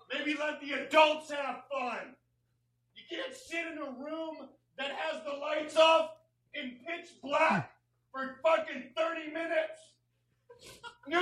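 A man's voice: very high-pitched, bright, forceful tone, far from the mic. A man in a profane, frantic comic rant, screaming furiously. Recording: echoey room, off-mic.

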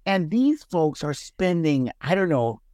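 A man chatting casually as a podcast guest, laughing often and jumping into high mocking voices. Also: big pitch swings, measured pace, darkish tone, no echo, clean studio sound. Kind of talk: casual chat.

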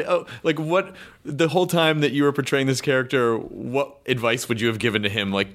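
An American man hosting a podcast, interviewing casually with excited reactions and loose, swearing enthusiasm. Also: mid-range voice, fairly quick, hardly any pauses. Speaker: podcast host.

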